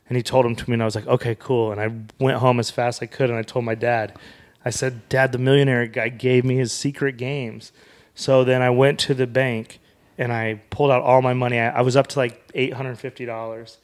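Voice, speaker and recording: A man's voice: mid-range voice, level tone, fairly quick. Man telling a long rambling story. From Wyoming. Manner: rambling anecdotal telling with quoted dialogue. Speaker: comedian and author guest. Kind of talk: casual storytelling in a podcast interview.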